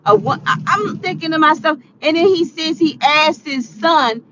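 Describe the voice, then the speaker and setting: A woman vlogger delivering ranting commentary, animated and exclaiming, often laughing. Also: sits high, moderate pace, muffled recording, noisy background.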